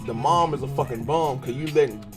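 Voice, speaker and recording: A young man hosting a podcast, telling profane and animated stories in a casual monologue while he draws. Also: mid-range voice, fairly quick, music in the background. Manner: profane, animated storytelling with slangy cussing. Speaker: podcast host.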